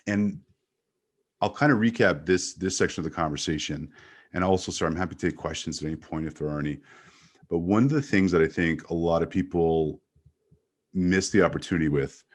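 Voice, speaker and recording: Male guest, very low voice, upbeat sales-trainer delivery with deliberate pauses. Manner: energetic, plays with pace and pauses for emphasis. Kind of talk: explaining in an interview.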